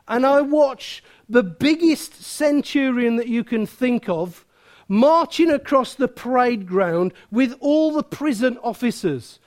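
High-voiced preacher. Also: male voice, animated, takes it slowly. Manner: chatty, self-mocking, asks the room questions. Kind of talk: sermon.

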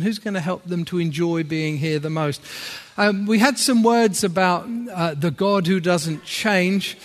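A middle-aged man with a northern English accent preaching a sermon, chatty and self-deprecating, with asides to the congregation. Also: high-pitched. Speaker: visiting preacher. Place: church hall. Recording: long hall reverb.

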